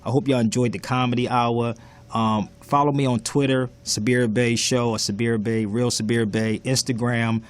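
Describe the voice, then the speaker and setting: A man's voice: medium pitch, steady tone, normal speed. A man hosts a talk show, signing off in an easygoing, slangy way. His voice sits in a mid range. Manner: laid-back, friendly, slangy. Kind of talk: casual show sign-off.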